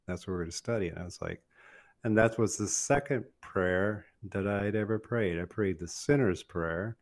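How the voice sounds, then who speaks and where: An older man telling a funny personal story in an animated, casual way, often laughing and acting out what others said. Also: lowish voice, normal speed. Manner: laughs often while telling, acts out quoted voices.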